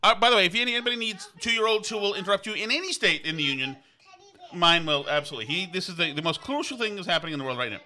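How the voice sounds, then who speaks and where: A man from Vermont rambles through a casual podcast chat, circling back on himself with plenty of restarts and fillers. His voice is very bright and forward, sitting a little high for a man. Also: expressive. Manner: halting, many restarts and fillers, digressive. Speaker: podcast host. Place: on location, indoors.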